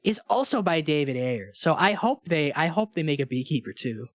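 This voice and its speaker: A man's voice: a little high, very animated, brisk, dry recording. A man co-hosting a podcast, chatting casually and reading movie quotes aloud with relish, laughing often. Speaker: podcast co-host.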